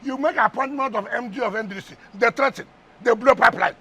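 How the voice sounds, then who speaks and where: A man's voice: extremely high pitch, quick pace, bright, forceful tone, husky. A man with a Nigerian English accent, a politician guest on a heated TV interview, firing rhetorical questions and repeating words for emphasis.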